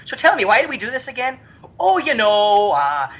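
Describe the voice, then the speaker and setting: A man's voice: very high voice, big pitch swings, takes it slowly, a bit bright, pitched above the performer's own voice, exaggerated voice. A man putting on a jokey Canadian airman. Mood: teasing. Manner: mock accent, laughing through it. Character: joking Canadian airmen, exaggerated accent.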